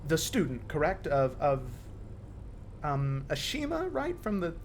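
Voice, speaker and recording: A man voicing a hesitant female town mayor who speaks haltingly. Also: a little high, very animated, a little hiss or hum.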